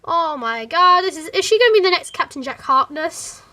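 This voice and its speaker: A woman with a high, light voice chats to camera as a fan reviewer. She sounds animated and rambling, with frequent fillers and restarts. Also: normal speed. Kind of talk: casual chat to camera.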